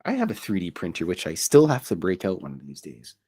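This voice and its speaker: A man's voice: low-pitched, huge pitch swings, fast talker, a little mellow, husky. A Canadian man who hosts a cartoon show, telling meandering, jokey stories and often interrupting himself. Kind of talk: rambling casual storytelling.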